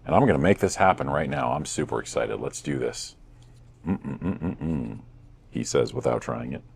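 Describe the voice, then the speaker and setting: A man in his thirties hosting a casual food review vlog, playful and self-mocking with deadpan jokes. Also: very deep voice, fairly quick, gravelly, slightly rough. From United States. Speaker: host.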